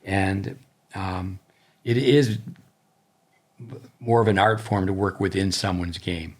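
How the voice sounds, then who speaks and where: A man in his thirties, a tennis coach and podcast host, talking casually and thoughtfully, pausing to rephrase his points. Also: low voice, fairly even intonation.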